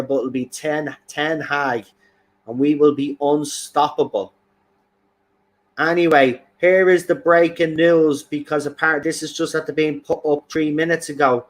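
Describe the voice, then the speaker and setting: Man, young, slightly high pitch, emphatic, excitable fan commentary. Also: moderate pace. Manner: passionate, emphatic, repeats himself for effect. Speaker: football fan channel host.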